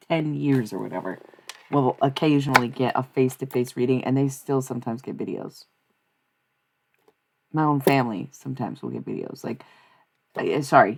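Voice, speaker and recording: A young woman streaming live, chatting casually with her viewers in a blunt, profane, rambling way. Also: a bass voice. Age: young adult. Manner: profane, blunt, swings between ranting and laughing. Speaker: streamer and tarot reader.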